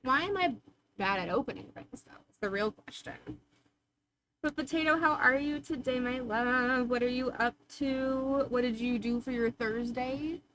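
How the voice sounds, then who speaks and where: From her home streaming room, a woman hosts a casual livestream, chatting with viewers in a bubbly, affectionate way. Her voice is high-pitched at a normal speed, and the recording quality is low.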